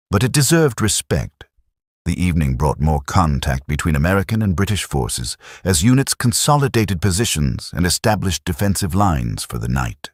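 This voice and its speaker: A man narrating a war story in a steady, measured, scripted style. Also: extremely low pitch, slightly rough, no echo, studio quality.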